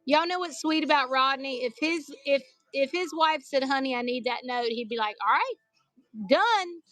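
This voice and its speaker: A woman's voice: high voice, moderate pace, fairly bright tone, no room sound, soft background music. A woman selling collectible banknotes on a live stream, chatty and joking, calling her viewers y'all.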